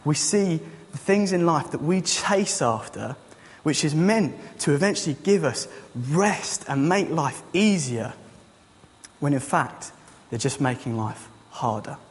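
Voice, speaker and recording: A man's voice: on the high side, animated, measured pace. A man, a youth leader, preaching a sermon in a casual, joking, conversational way. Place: church hall. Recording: long church hall reverb.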